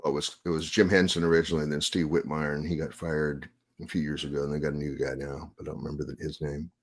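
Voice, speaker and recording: A man's voice: a bass voice, little pitch movement. A man with a West Coast American accent, co-hosting a live coding Q&A in jokey, chatty casual talk. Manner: jokey, chatty, quick to laugh. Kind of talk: casual chat.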